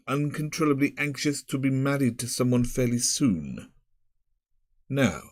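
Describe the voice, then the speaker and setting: Man reading the part of a long-winded, snobbish old headmaster, lowish voice, dry close sound. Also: no room sound. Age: older. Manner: long-winded, pompous, with hesitations. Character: elderly pompous male headmaster, fussy and snobbish.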